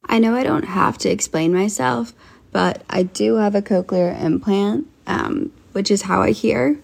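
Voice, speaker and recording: A young woman talks straight to camera in a social media clip. She speaks in an earnest, open, soft-spoken way. A heavy vocal fry runs through her mid-pitched voice. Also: unhurried.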